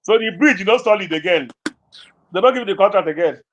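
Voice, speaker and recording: Nigerian man, high lively voice, conversational, questioning, muffled lo-fi recording. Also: fast talker, slight background noise. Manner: conversational, pushing back with questions. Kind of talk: casual political chat in Pidgin and English. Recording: dull lo-fi sound.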